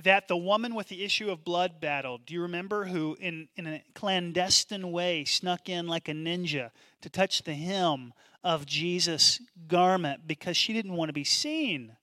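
Male pastor, lively conversational sermon, high bright voice, dry close sound. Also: moderate pace, hardly any pauses, dry recording. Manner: animated, conversational preaching with asides.

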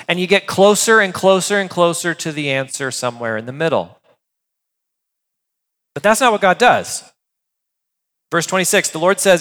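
Pastor in a reverberant hall. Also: male voice, sits high. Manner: conversational, animated, with filler words and restarts. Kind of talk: sermon.

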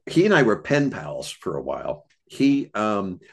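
An older American man, a podcast guest, tells reflective childhood stories in a meandering, thoughtful way, with many pauses and restarts. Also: on the low side, sing-song, vocal fry, slightly rough. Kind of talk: reflective storytelling conversation.

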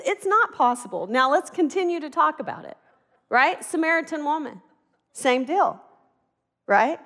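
A middle-aged woman preaching a sermon in an animated, conversational way, acting out the voices in her stories. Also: sits high, moderate pace, pauses often, big-room sound.

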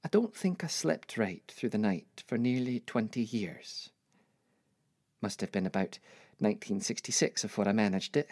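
A woman's voice: very deep voice, expressive, moderate pace, a little mellow, dry recording, studio quality. An older woman telling her life story as a reflective dramatic monologue with wry asides. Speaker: narrator.

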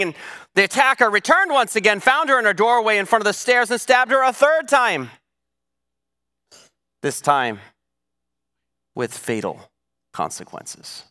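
A man preaching a sermon as pastor at a church service, telling a story in an animated way with dramatic shifts in volume. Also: high voice.

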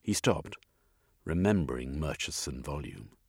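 Deep, husky male narrator. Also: big pitch swings, measured pace, dry recording, studio quality. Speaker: audiobook narrator. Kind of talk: scripted narration.

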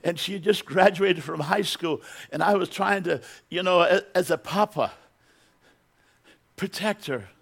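A man's voice: high voice, measured pace, gravelly, fairly bright tone. A middle-aged man preaching a sermon as pastor in a church, building to emphatic bursts and repeating words as he goes.

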